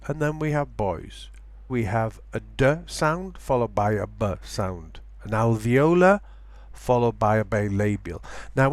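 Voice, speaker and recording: A man gives a pronunciation lecture, repeating example words slowly to demonstrate each sound. His voice sits in an ordinary middle register. The recording is dry and close, with no room sound. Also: mid-range voice, no echo. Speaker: pronunciation teacher.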